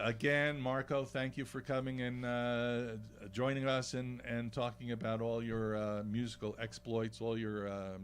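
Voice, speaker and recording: A man's voice: medium pitch, a bit bright, a little hiss or hum. A man hosting a local radio show, chatting casually and losing his train of thought with many fillers. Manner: rambling, hesitant with many fillers. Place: radio studio.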